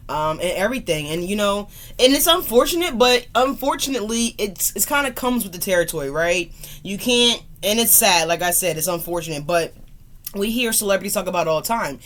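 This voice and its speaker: A woman hosting her own tarot channel, talking casually to camera in a loose, chatty way, repeating greetings and swearing now and then. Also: lowish voice. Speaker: tarot reader and channel host.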